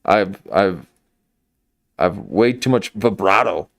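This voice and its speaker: Man, live-stream commentator, low voice, swooping delivery, dry close sound, mocking and meandering. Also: big pitch swings, slow pace, vocal fry, no echo. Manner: mocking, meandering, full of restarts. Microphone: desk microphone.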